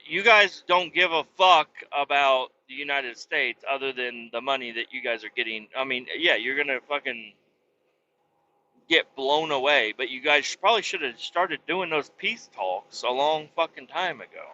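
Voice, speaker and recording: A man's voice: medium pitch, normal speed, bright, forceful tone, highs cut off, slight background noise. A man hosting a podcast, ranting about politics in a rambling, profanity-heavy way. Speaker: podcast host.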